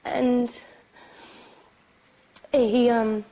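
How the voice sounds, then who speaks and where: British woman, crying, halting speech, high voice, slow and soft-toned. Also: level tone, dull audio. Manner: halting, pausing, hesitant with many ums. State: crying, sobbing. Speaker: abuse survivor recounting her experience. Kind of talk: documentary testimony.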